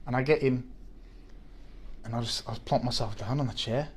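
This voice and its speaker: A man's voice: mid-range voice, steady tone, moderate pace, pauses often, a little mellow, husky. A man, chatting on a podcast and telling a story with many restarts. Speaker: podcast co-host. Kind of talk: casual chat.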